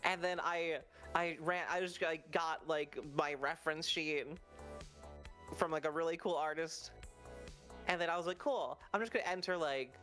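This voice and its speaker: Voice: mid-range voice, moderate pace, fairly bright tone, faint music behind. A guest on a call telling a story casually and rambling, with lots of "like" and quoted asides. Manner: rambling, lots of "like" and self-quoting. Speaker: interview guest.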